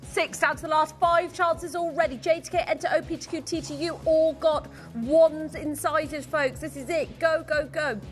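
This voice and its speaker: A woman presenting live TV shopping in a studio, upbeat and excitable as she counts down stock and greets viewers. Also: high-pitched, normal speed, hardly any pauses, soft background music.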